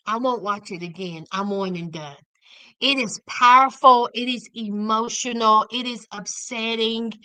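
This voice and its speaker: Woman, livestream host, casual chat, high bright voice, unhurried. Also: no echo, low-quality recording. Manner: animated, talks to chat viewers by name. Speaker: recap show host.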